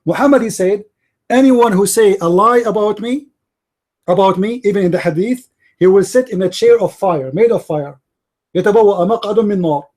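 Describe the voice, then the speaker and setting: A man's voice: high-pitched, moderate pace, a little mellow. A man hosting a live debate, arguing emphatically and repeating his points to the viewers. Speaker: debate host.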